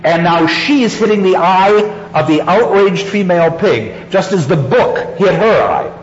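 A man's voice: high voice, animated, unhurried. A man lecturing on a story he reads aloud, chuckling often and repeating phrases for emphasis, in an echoey, dull-sounding hall recording.

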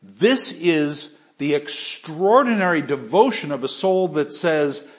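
A man giving an animated, emphatic lecture on literature, often restarting his phrases. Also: on the high side, slow pace, hardly any pauses. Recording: slightly dull lo-fi recording.

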